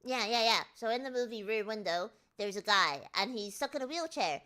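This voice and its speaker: Bright chatty British woman. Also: fairly high pitch, lively intonation, brisk. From Britain. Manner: chatty, playful, repeats herself. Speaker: streamer host. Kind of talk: casual chat.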